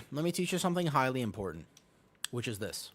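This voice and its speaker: A young man talks loosely over a live game stream, bouncing from one topic to the next and often breaking into laughter. His pitch swings up and down a lot as he answers chat. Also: sing-song, a little fast, fairly bright tone, husky. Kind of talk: casual live-stream commentary while gaming.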